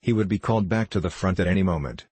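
A man narrating a storybook in a steady, solemn reading manner. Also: sits low, quick pace, breathy edge, no room sound.

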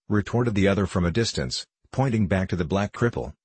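A man reading a classic novel aloud as audiobook narrator, in measured, steady storytelling. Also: sits low, breathy edge, no echo. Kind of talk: scripted narration.

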